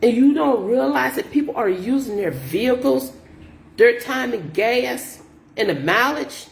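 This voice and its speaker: In her casual vlog, a middle-aged grocery delivery shopper retells run-ins with rude customers, animated, exasperated, and repetitive. Her fairly high voice has vocal fry and moves a little slowly. The sound is reverberant, with a little hiss or hum.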